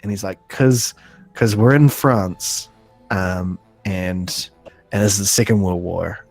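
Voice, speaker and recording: A man recapping an episode on a casual podcast, halting, full of ums and restarts, laughing often. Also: low-pitched, fairly even intonation, a little mellow, dry recording, faint music behind. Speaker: podcast host.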